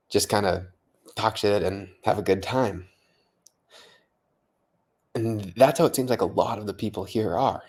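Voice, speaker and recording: Man, somewhat low voice, slightly drunk, casual late-night vlog, swears, repeats himself. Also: a little mellow, husky. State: a little tipsy from vodka. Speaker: vlogger.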